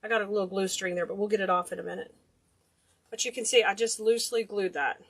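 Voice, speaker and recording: A woman's voice: medium pitch, quick pace, breathy edge. A woman hosting a casual DIY craft tutorial, chatty and enthusiastic, gushing over cute details. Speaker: craft video host.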